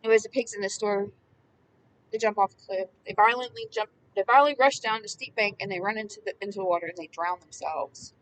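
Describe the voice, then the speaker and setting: Emphatic woman preaching with bright voice. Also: mid-range voice, fast talker, recorded from a distance, a little hiss or hum, low-quality recording. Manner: emphatic and repetitive, swinging between hushed and loud. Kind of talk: impassioned Bible commentary.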